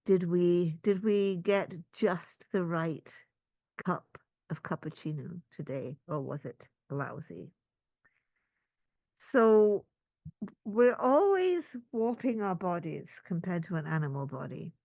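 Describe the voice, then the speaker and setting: A woman's voice: on the low side, slow, vocal fry, no echo, phone-quality sound. A woman spiritual teacher giving a talk to a group, telling stories and acting out little asides. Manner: storytelling with lively acted-out asides.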